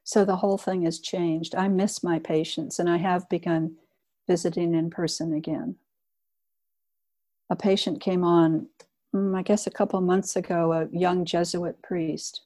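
A woman's voice: lowish voice, little pitch movement, unhurried, warm tone, no echo. An older woman who works in hospice, talking candidly about her work in an earnest storytelling way. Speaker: hospice worker. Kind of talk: reflective personal talk.

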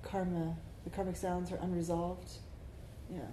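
Speaking in a low, completely flat voice at a moderate pace, a female meditation teacher leads a contemplative dharma talk. She coaxes responses from the group and keeps asking "right?", with room echo and faint noise behind her.

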